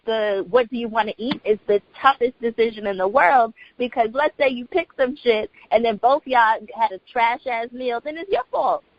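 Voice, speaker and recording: A woman's voice: fairly high pitch, normal speed, hardly any pauses, lo-fi sound. A woman guest co-hosting a podcast, confidently explaining her view in casual chat.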